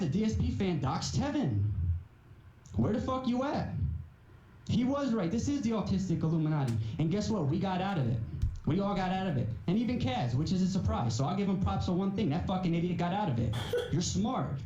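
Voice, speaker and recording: A man's voice: sits high, animated, a little fast, warm tone. A man delivering an angry, profane callout rant on a livestream, confrontational and repeating his points with rising emphasis. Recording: muffled, roomy echo, faint hiss.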